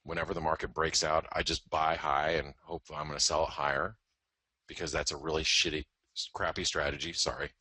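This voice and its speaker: Very deep-voiced man talking markets. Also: level tone, fairly quick, sharp tone, slightly rough, dry recording. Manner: candid, joking, self-deprecating, many "you know" fillers. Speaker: host and trading educator. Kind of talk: live market commentary.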